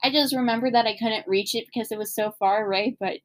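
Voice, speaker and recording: A young woman chats casually with her mother, her voice pitched a little high. She is easygoing and giggles often as she recalls childhood moments. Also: fast. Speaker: daughter. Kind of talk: casual family chat.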